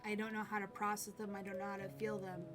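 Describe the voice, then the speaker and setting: A woman streamer telling a personal story to camera in a halting, hesitant way, often pausing and restarting. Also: mid-range voice, level tone. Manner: halting, hesitant, with many pauses and fillers. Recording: clear instrumental music in background.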